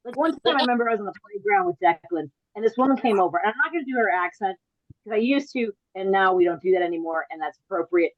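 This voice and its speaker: A woman's voice: mid-range voice, expressive, quick pace, no room sound, dull audio. A woman comedian doing a rambling stand-up set over a video call, often stopping and restarting her sentences and laughing at her own jokes. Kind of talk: stand-up set on a virtual show.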